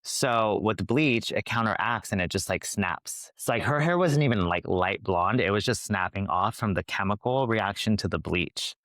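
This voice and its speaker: Young guy hairstylist on a podcast, lowish voice, dry close sound, rambly and animated. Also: moderate pace, hardly any pauses, no echo. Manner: chatty, animated storyteller with many "like"s. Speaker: hairstylist guest. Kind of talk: casual podcast interview.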